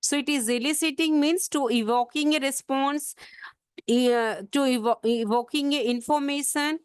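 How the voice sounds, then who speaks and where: A woman with a high voice teaches an exam-prep English vocabulary lesson. She spells words out letter by letter and slows right down to show the stress in each word. The sound is dry and close, with no room echo.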